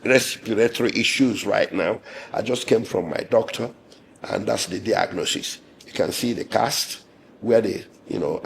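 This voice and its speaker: Hoarse, gravelly man. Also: fairly low pitch, slight background noise. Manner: measured and indignant, with pauses and fillers. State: hoarse, losing his voice. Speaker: lawyer and interviewee. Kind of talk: interview recounting an ordeal.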